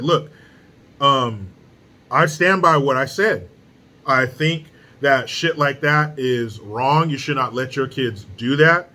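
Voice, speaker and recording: A man's voice: mid-range voice, sharp tone. A man hosting his own opinion commentary, talking bluntly and sarcastically, with frequent swearing. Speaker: political commentary host.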